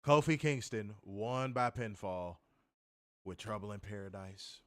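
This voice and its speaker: A man's voice: lowish voice, a little slow. A man co-hosting a podcast, ranting in an exasperated, sarcastic, profane way and calling his listeners y'all. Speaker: podcast co-host reviewing wrestling. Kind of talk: casual ranting review.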